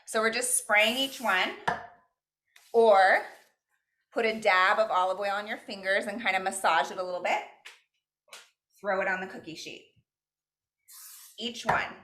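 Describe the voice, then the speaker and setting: A woman's voice: medium pitch, normal speed, pauses often, pushed and bright. A woman teaching a virtual cooking class, upbeat and encouraging, weaving Spanish words and counting into her instructions. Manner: upbeat, mixes in Spanish phrases and counts aloud. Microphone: video call.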